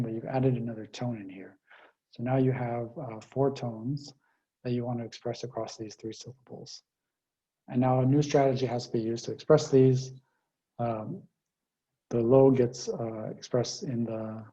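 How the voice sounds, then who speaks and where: A man's voice: mid-range voice, dark tone, lo-fi sound. A man giving a linguistics lecture, explaining step by step with frequent fillers over a remote call.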